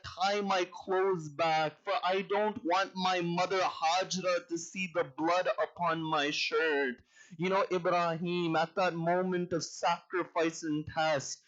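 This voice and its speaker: A man's voice: on the high side, a bit bright. A man giving a mourning sermon, telling stories and voicing the people he quotes. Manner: storytelling, voicing quoted figures, rising to a tearful lament. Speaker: speaker at a Muharram majlis. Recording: dull lo-fi sound.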